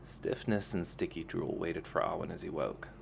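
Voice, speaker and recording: A man narrating a fantasy novel as an audiobook, in a calm, even storytelling manner. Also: low voice, normal speed, creaky, slight background noise.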